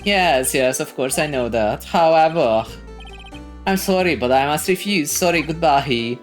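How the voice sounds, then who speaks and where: A woman's voice: deep voice, lively intonation, faint music behind, voice pushed up. A woman voicing a pompous old lawyer. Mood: evasive. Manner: grand, drawn-out theatrical delivery. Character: pompous old male lawyer, evasive and blustery.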